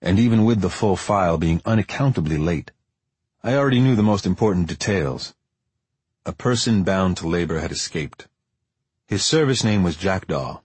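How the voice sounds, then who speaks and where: Deep husky guy reading a novel first person, measured and dry, dead close mic no room. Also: animated, darkish tone, no echo. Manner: measured, deliberate, dry storytelling. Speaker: audiobook narrator. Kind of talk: first-person audiobook narration.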